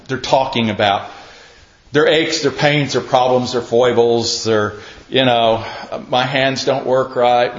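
A man's voice: mid-range voice, a bit bright. A middle-aged male pastor telling a self-mocking story in a sermon, acting out the dialogue in a folksy way. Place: church. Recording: echoey room, dull lo-fi sound.

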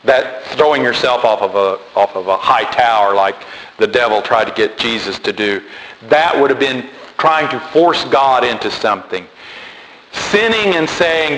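A man preaching a sermon, animated and emphatic, repeating key words. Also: medium pitch, a little slow. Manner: animated, repetitive emphatic delivery. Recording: echoey hall with faint noise.

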